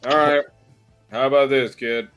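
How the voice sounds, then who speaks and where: A man voicing a gruff, crude male bugbear gambler in a tabletop game, with a rough drawl. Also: medium pitch, fairly even intonation, moderate pace, fairly bright tone, faint music behind, voice pushed up, lightly acted. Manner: crude, drawling tough-guy talk.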